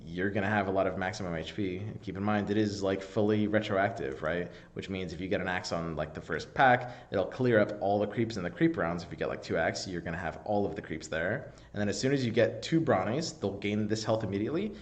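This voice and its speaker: A man's voice: deep voice, fairly quick, hardly any pauses. A man recording solo commentary on a game's patch notes, talking through each change analytically and thinking aloud with fillers and restarts. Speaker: strategy game commentator.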